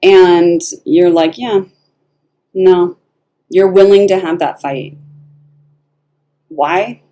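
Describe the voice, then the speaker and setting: A woman's voice: fairly low pitch, slow pace. Blunt, profane woman reading tarot. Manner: animated, blunt and profane, laughs often. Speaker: tarot reader.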